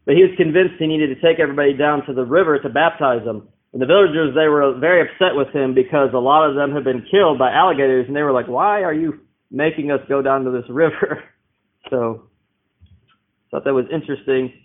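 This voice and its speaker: A man's voice: medium pitch, fast. Man preaching over a tinny line. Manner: explanatory, asks rhetorical questions. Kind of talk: Bible teaching sermon. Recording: tinny phone-like sound.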